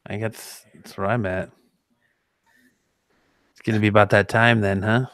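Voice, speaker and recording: A low-pitched man chats loosely as a podcast host, drifting and restarting his thoughts. His voice sits close and dry on the mic. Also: little pitch movement, measured pace, a bit bright, dry recording. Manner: loose, rambling, restarts sentences often. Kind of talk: casual chat.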